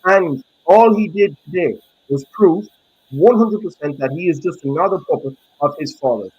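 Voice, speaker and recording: A man's voice: fairly high pitch, expressive, moderate pace, darkish tone. A man with a Kerry Irish accent giving heated, emphatic podcast commentary, tagging his points with "okay?" and "right?". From Ireland, County Kerry. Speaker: podcast co-host, blogger. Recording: muffled lo-fi online call audio.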